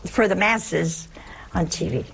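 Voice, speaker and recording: A woman's voice: lowish voice, slow, creaky, fairly bright tone, slight background noise, poor audio. A woman giving a sermon from an Italian-American family background, mixing moral teaching with humorous family stories and rhetorical questions. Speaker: religious teacher giving a talk.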